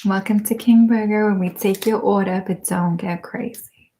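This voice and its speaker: A woman's voice: mid-range voice, steady tone, moderate pace, warm tone, natural voice. Woman impersonating Bon Qui Qui, sassy cashier. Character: sassy young female fast-food cashier.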